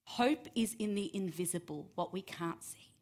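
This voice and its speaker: A woman's voice: fairly low pitch, moderate pace. Chatty woman telling a Bible story. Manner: lively, chatty, asks listeners by name, drops to hushed tones for emphasis. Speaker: children's Bible teacher. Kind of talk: storytelling sermon to children.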